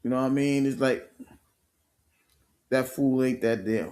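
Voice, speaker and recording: A man hosting a live stream, telling the story in an animated, slang-heavy way with swearing and casual sports talk. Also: medium pitch, measured pace.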